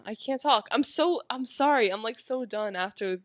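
A young woman winding down a casual chat show, sounding tired and prone to giggles. Her voice sits fairly high. She is recorded up close in a dry, dead room while lying on a pillow. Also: normal speed, fairly bright tone, no echo. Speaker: podcast co-host.

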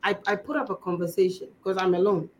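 Una mujer joven con acento inglés de Ghana que conversa de forma informal como invitada en una entrevista y cuenta anécdotas de manera animada, imitando voces. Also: female voice, medium pitch, quick pace, a little hiss or hum, poor audio. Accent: Ghanaian English. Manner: animated, acts out voices while telling stories. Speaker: guest storyteller, actress. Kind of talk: casual interview chat.

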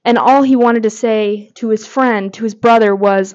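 A woman's voice: a little high, steady tone, moderate pace, few pauses, a little mellow. A woman hosting a podcast, giving casual fan commentary in a gushing way with lots of filler words. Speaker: podcast host. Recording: slightly dull lo-fi audio.

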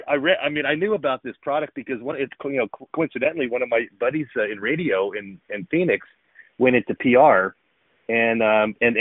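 A man's voice: fairly low pitch, no echo. A man co-hosting a casual talk show, rambling with many fillers and restarts. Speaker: podcast co-host, former pro baseball player. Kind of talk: casual chat. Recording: phone-like narrow sound.

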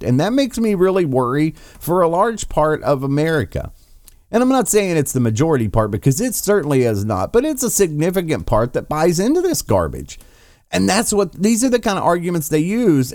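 A man mocks and rants his way through courtroom footage. His voice has a lively, swooping delivery that is full of scorn, and it is recorded close and dry with no room sound at all. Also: a little high, no echo. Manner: mocking, profane, sarcastic. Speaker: political commentator. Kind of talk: reacting to trial clips.

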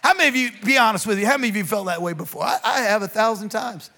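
A high-pitched man preaches a sermon as a pastor. He lurches from slow, lingering emphasis into sudden shouts and calls on the congregation to reply.

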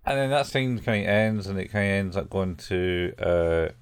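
A man's voice: sits low, lively intonation, normal speed, clear, resonant tone, no echo, clean studio sound. A man casually recapping anime episodes as a podcast co-host, rambling and acting out the characters' lines.

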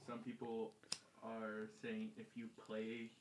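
A man's voice: on the low side, monotone, takes it slowly. Man in an echoey, noisy room. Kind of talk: casual podcast chat. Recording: echoey room with background noise.

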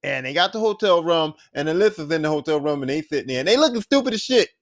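Man, high-pitched voice, animated profane storyteller, dry close recording. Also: fast talker, dry recording. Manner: animated, profane, laughing storyteller acting out quotes. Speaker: podcast host. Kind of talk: casual recap of a TV series.

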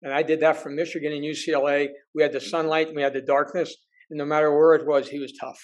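A man's voice: a little high, flat delivery, quick pace, slight background noise, poor audio. An older man, a former football recruiter, chatting casually and plainly, stressing his points. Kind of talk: casual chat.

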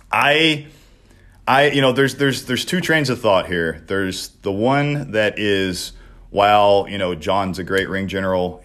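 Podcast co-host, young man, low-ish voice, profane rambling storyteller. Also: a bit bright.

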